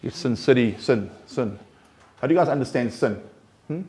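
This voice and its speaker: A man's voice: medium pitch, animated, moderate pace, darkish tone, breathy edge. A man counseling a recovery group, talking earnestly and conversationally, often restarting and pressing his points with rising emphasis. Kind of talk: informal group talk.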